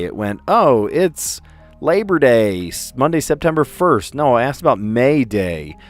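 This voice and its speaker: A middle-aged teacher with a medium-pitched voice hosts a casual livestream, chatting, rambling and exclaiming often as he works through puzzles.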